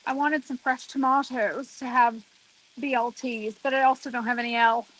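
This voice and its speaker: A woman's voice: on the high side, fairly even intonation, normal speed, a bit bright, a little hiss or hum. A woman vlogger chatting casually as she cooks outdoors on her deck, talking straight to her viewers with lots of exclamations. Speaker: cooking vlogger. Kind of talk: casual chat while cooking.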